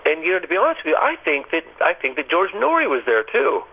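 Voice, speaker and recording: A middle-aged man telling a story as an interview guest, animated, often stammering and repeating words. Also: a little high, fast, slightly rough. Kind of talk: casual storytelling. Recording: tinny phone line.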